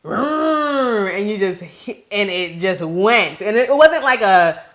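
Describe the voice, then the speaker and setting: A young adult woman from Maryland hosting a casual talk, telling a personal story with lively acted-out quotes. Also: medium pitch, slow. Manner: animated storyteller who acts out quoted voices. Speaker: host.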